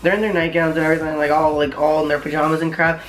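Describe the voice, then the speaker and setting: A man's voice: fairly high pitch, racing. Rambling young man in an echoey room. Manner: rambling, heavy on "like", excitable retelling. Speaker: vlogger. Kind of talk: casual storytime vlog.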